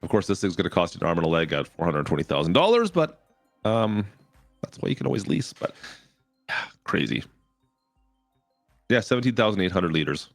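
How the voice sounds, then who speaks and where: A man co-hosting a casual gaming podcast, relaxed, agreeable and teasing. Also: low-pitched, a little fast, vocal fry, long pauses, dry recording, faint music behind. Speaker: podcast co-host.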